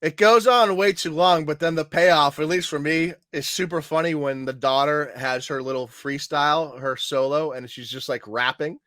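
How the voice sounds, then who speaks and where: A man co-hosting a casual podcast chat, laughing often and quoting lines in animated bursts. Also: on the high side, normal speed, few pauses, no room sound, studio quality. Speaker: podcast co-host.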